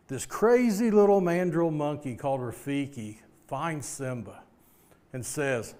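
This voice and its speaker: A man's voice: a little high, a little slow, mellow. A man giving a motivational devotional talk, retelling a story in an earnest, plain-spoken way. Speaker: speaker giving a weekly motivational message.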